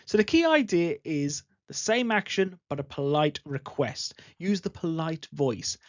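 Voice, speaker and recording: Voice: mid-range voice, lively intonation, a little slow, dry recording. An English teacher giving an online grammar lesson, speaking patiently and repeating example sentences. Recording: dull lo-fi voice recording.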